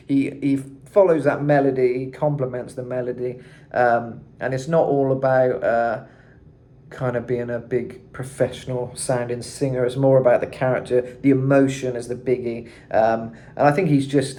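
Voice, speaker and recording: A man's voice: medium pitch, level tone, moderate pace, dark tone. Rambling male vocal coach. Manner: rambling, lots of "you know" and "kind of". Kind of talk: casual singing tutorial.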